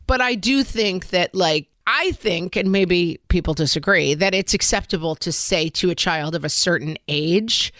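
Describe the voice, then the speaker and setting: A woman's voice: fairly low pitch, animated, moderate pace, hardly any pauses, fairly bright tone, no room sound, studio quality. A middle-aged woman co-hosting a parenting podcast, talking candidly and a little self-deprecatingly, thinking aloud with lots of "like.". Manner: candid, self-deprecating, talks through thoughts with many "like"s. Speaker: podcast co-host. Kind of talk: casual parenting chat.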